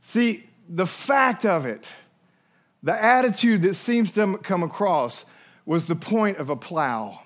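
A man delivers a sermon with lively energy. His voice sits high for a man, and he slips into little acted voices for the people he quotes. He keeps turning to his listeners with questions. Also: slow pace. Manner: animated preacher, acts out quoted voices, asks the listeners questions. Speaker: pastor.

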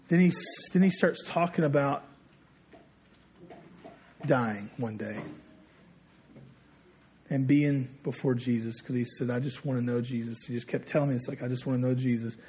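A man's voice: mid-range voice, moderate pace, pauses often, darkish tone, slight background noise. A man preaching a sermon, telling a story in a conversational way and dropping his voice when he quotes others. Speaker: pastor.

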